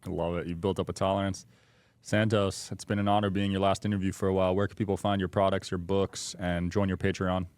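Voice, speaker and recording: Deep-voiced podcast host man. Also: little pitch movement, fast talker, a little mellow, clear, resonant tone, dry recording. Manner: brief, enthusiastic reactions. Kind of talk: casual interview.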